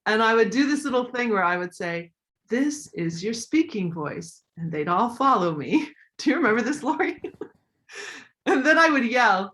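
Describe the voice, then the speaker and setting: A woman speaking as a coach in a live online session, sharing practical tips. She is animated and acts out voices to demonstrate her points. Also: fairly high pitch, normal speed. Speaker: voice and communication coach.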